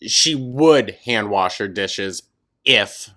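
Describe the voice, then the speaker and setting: A man's voice: on the low side, expressive, slow, pushed and bright. A man giving scornful, sarcastic commentary over a video clip, swearing freely. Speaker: reaction commentator.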